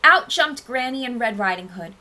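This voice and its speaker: A woman teacher reads a storybook aloud to young children in an expressive, sing-song way. Her voice is bright and clear-toned, rising and falling with lively melody. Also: on the high side, moderate pace, poor audio. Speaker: nursery school teacher.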